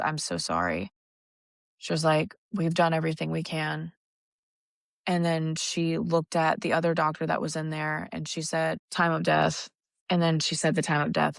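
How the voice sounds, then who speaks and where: A young woman paramedic on a podcast, recounting a hard call in a raw, halting way with restarts and swearing. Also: deep voice, creaky, dry recording. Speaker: paramedic guest. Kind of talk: emotional podcast storytelling.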